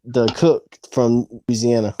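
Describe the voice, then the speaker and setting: Mellow-voiced halting guest man. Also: medium pitch, steady tone, dry recording. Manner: halting, repeats words while searching for them. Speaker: stream guest. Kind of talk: casual chat.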